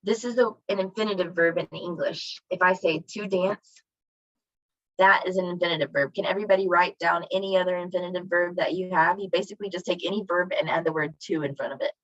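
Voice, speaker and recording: Woman teacher on a zoom class, lowish voice, dull dry audio, keeps encouraging the kids. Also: steady tone, brisk, a bit bright, no room sound. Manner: encouraging, asks students questions. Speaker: Spanish teacher. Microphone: video call. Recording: dull lo-fi video call audio.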